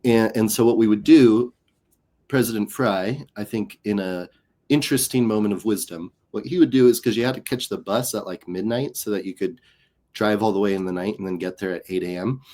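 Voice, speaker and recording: A comedian appears as a guest on an interview show, speaking a little fast in a voice on the low side. In casual chat he tells stories animatedly, acting out the voices of people he quotes.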